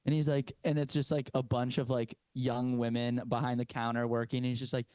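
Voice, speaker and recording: A man's voice: medium pitch, little pitch movement, a little fast, few pauses, a little mellow, clean tone, dry recording. Goofy young man in a dry room. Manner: goofy, laughs mid-sentence, slips into impressions. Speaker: podcast co-host. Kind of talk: casual comedic chat.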